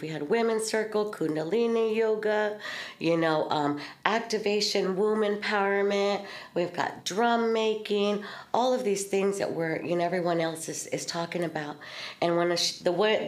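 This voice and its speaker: A middle-aged woman talks in an earnest, heartfelt storytelling way, mixing spiritual words with casual swearing. Her voice sits a little low. The recording has a noticeable room echo. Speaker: podcast host. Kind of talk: candid heartfelt conversation. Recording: echoey room.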